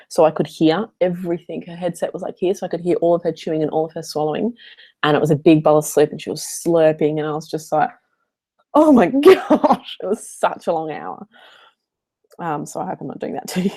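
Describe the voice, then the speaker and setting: Woman business coach, low voice, casual and digressive, running live office hours. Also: mellow. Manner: chatty, digressive, laughs often. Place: hotel room.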